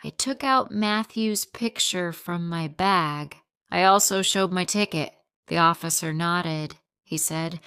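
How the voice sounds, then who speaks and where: A woman narrating a simple audiobook story for English learners in short, steady, plain sentences. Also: on the low side, takes it slowly, hardly any pauses, clean tone, dry recording, studio quality.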